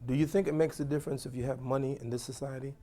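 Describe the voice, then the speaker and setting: A man's voice: medium pitch, racing. A man teaching a class as an imam, questioning the audience and repeating points for emphasis. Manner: animated, questioning, repetitive emphasis.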